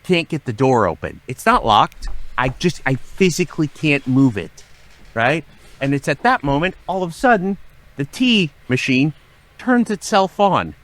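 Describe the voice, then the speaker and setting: A middle-aged man, a podcast guest, telling a story with lots of swearing and dramatic acted-out shouting. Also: a little high, sing-song, measured pace. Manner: profane, dramatic, acts out his own shouting. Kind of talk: animated storytelling.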